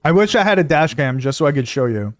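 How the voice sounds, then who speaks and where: A man streaming, telling a story to his chat in a casual, animated, profane way, often repeating himself. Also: fairly high pitch, fast talker.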